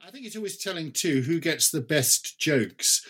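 A man, a podcast guest, talking about books in a thoughtful, halting way. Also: on the high side, animated, sharp tone, husky. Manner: hesitant, thoughtful, many fillers. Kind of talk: conversational book discussion.

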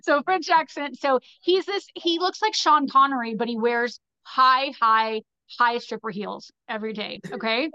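A fashion designer appears as a podcast guest, telling stories in a loose, rambling, conversational way packed with "like" and "you know." Her voice sits on the high side at a normal pace, sounding pushed and bright. There's no echo, though the recording itself comes across dull and muffled.

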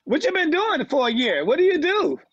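A man's voice: very high-pitched, sing-song, a little fast, fairly bright tone, no room sound, muffled recording. A man, a comedian, joking around as a guest in a casual podcast chat. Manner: joking, playful, sings a rap.

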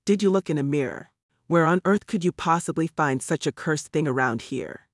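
A pious old great-aunt frets and scolds in a flurry of worried questions, as a man reads her part. The voice sits a little high for a man and sounds dry and close. It comes through plainly as an audiobook character. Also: moderate pace, dry recording, natural voice. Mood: anxious. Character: fretful devout elderly great-aunt woman.

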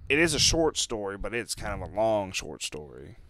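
A man's voice: lowish voice, very animated, normal speed, a bit bright. A man co-hosting a casual movie review podcast, rambling and hedging with plenty of fillers and swears. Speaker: podcast co-host.

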